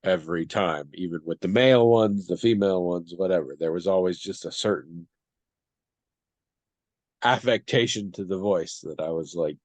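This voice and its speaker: A man's voice: sits low, no echo. Thoughtful man in casual discussion. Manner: thoughtful, measured, hedging. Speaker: podcast co-host.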